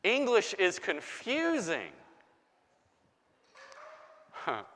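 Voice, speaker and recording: A man preaching as a pastor, giving a sermon with animated, playful emphasis. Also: high voice, extremely slow. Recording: long hall reverb.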